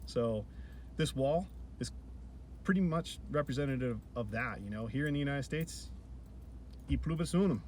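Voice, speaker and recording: A man's voice: medium pitch, lively intonation, normal speed, long pauses, a little mellow, a little hiss or hum. Blunt, earnest middle-aged man. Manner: earnest, blunt, swears, repeats himself. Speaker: vlog host. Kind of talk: casual monologue.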